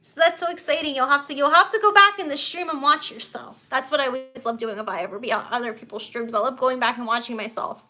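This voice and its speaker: A young woman hosts a casual live stream from her bedroom, her voice high and bright. She rambles in a chatty, bubbly way and greets viewers as she reads their comments aloud. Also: fast talker, hardly any pauses. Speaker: livestream host.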